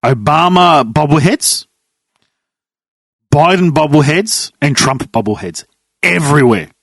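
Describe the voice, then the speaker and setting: A man's voice: a little high, lively intonation, unhurried, gravelly, fairly bright tone, no echo. A man with an Australian accent, co-hosting a casual podcast and enthusiastically describing what he saw, repeating words for emphasis. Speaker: podcast co-host.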